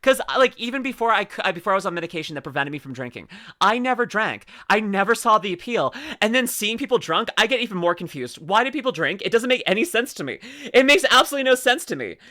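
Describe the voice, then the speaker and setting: A woman's voice: mid-range voice, big pitch swings, fast talker, sharp tone. A woman streaming reaction commentary in a casual, giggly, rambling way, full of restarts and asides.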